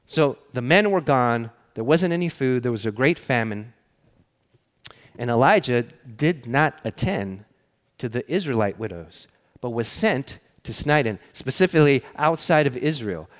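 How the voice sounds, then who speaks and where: A man's voice: mid-range voice, lively intonation, unhurried. Preacher man in a reverberant hall. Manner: conversational storytelling, sinking to hushed emphatic phrases. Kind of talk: sermon.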